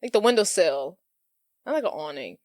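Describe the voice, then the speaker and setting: A woman's voice: deep voice, animated, moderate pace, a little mellow, dry recording. A woman co-hosting a podcast, recapping a movie scene by scene and acting out the characters' lines. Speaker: podcast co-host. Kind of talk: casual movie recap chat.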